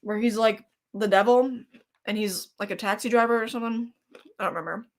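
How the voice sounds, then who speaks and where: A woman's voice: medium pitch, steady tone, brisk. A woman hosting a casual live stream, rambling about horror movies, reacting to chat and snacking as she talks. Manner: chatty and rambling, reacting to chat, with fillers and laughs; eating snacks while talking.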